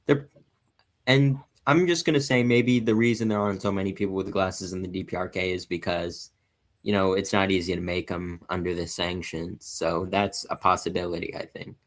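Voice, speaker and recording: A man's voice: sits low, fairly even intonation, moderate pace. A man in a casual group discussion who speaks in a tentative, hedging way.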